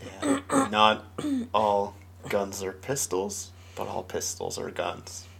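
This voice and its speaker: A man's voice: on the low side, takes it slowly, gravelly, a bit bright. A man co-hosting a casual podcast chat, laughing often and hesitating with fillers. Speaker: podcast co-host.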